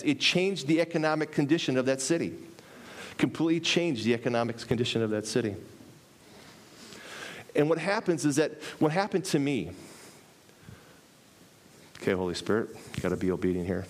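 Male preacher, sermon delivery, lively, repeats lines for emphasis, mid-pitched voice. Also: normal speed, long pauses. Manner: animated, acts out dialogue with pitch jumps.

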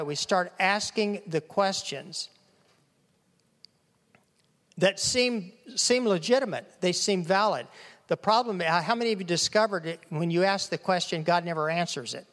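A man's voice: sits high, moderate pace, a bit bright. A man preaching a sermon as a pastor, acting out quoted voices and repeating phrases for emphasis. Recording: long hall reverb.

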